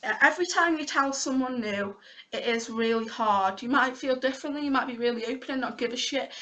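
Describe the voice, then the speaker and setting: A woman's voice: on the high side, fairly quick, fairly bright tone. A young woman talking frankly and with feeling in a personal vlog, near tears and swearing casually. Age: young adult. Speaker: vlogger.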